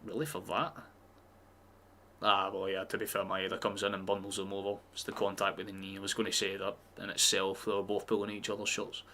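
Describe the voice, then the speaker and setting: A man's voice: deep voice, completely flat delivery, a little fast, bright, forceful tone, slight background noise. A man streaming a live football watchalong, chatting casually and swearing freely as he reacts to the match.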